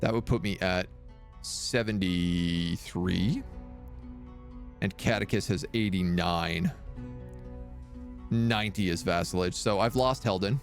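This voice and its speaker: A man's voice: low-pitched, moderate pace, soft background music. A man streaming a strategy game, chatting casually and rambling playfully between moves. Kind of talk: casual gameplay commentary. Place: home room by a window.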